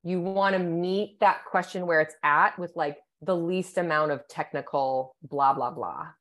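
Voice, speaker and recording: Woman, psychologist guest, low-ish voice, careful explanations, podcast interview. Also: unhurried, a bit bright. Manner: thoughtful, explanatory, many "you know" and "right?".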